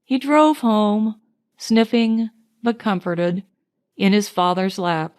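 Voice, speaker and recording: Slow, lyrical woman audiobook narrator. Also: medium pitch, a little mellow. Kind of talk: scripted narration.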